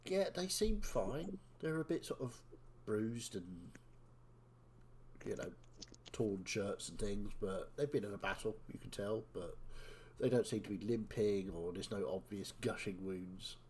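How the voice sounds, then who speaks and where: Narrate the scene as a relaxed dungeon master, low and easygoing, with a faint hiss behind you. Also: male voice, a little slow. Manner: loose, rambling narration with fillers. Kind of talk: narrating a tabletop game.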